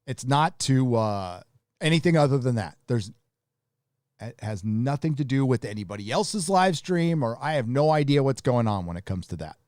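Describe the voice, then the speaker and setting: A man's voice: mid-range voice, animated, moderate pace, a little mellow, no echo, clean studio sound. A man hosting a live stream, reading viewer donations aloud and ranting bluntly with plenty of swearing. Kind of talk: casual live stream commentary.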